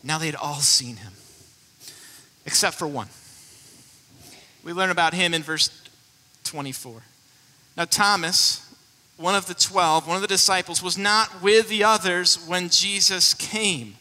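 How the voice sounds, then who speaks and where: A pastor preaching to his congregation, a man who retells the scripture and gives each person in it a voice. His voice is high and strikingly bright. It rings out with the long reverb of a big hall. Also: a little slow, pauses often. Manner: storytelling, acts out the voices in the scripture. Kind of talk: sermon.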